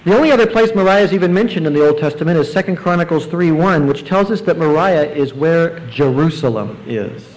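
A man preaching a sermon, explaining scripture verse by verse and rising now and then to emphatic, excited bursts. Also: on the high side, fairly quick, hardly any pauses, poor audio. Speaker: pastor.

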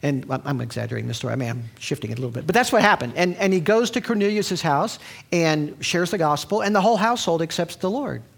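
A man's voice: quick pace, vocal fry. A man preaching a sermon in a conversational, storytelling way, with frequent restarts. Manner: animated, sweeping pitch.

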